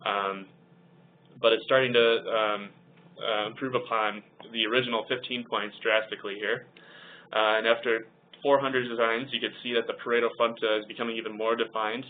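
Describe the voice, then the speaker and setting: A man talks through a technical webinar, stopping often on ums and uhs. His voice stays flat and even. It comes through a narrow, phone-like line with a faint hiss behind it. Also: on the low side, moderate pace. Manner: hesitant, many ums and uhs. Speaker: webinar presenter. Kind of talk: technical software webinar walkthrough.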